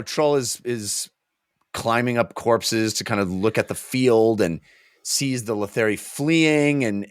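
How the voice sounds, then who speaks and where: A man's voice: lowish voice, clean tone, no echo, clean studio sound. A man co-hosting a podcast, retelling a book's scenes in casual, enthusiastic chat with plenty of fillers and restarts. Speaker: podcast co-host. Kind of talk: casual book discussion.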